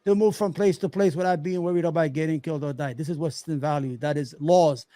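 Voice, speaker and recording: A man's voice: a little high, quick pace, warm tone, no room sound, clean studio sound. A man arguing in a heated casual debate, blunt and repetitive, with frequent stumbling restarts. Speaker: debate guest.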